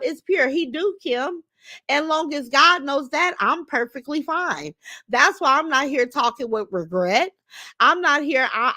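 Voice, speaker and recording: A woman's voice: sits high, bright, forceful tone, dry recording. A middle-aged woman hosts a livestream, reading viewer comments and profanely, confrontationally calling out rivals. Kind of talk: unscripted livestream chat.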